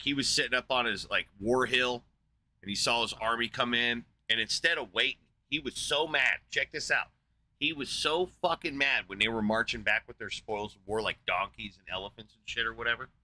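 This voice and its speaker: A man's voice: mid-range voice, normal speed, pushed and bright. A man hosting a live debate show, arguing with a caller in a profane, mocking, combative way and retelling a scripture story crudely.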